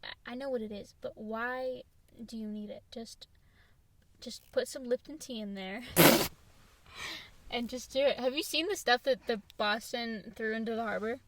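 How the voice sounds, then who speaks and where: Young female co-host, casual and playful, somewhat high-pitched, easygoing chat. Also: a little slow, pauses often, slight background noise. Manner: playful, chatty, lots of fillers. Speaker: podcast co-host.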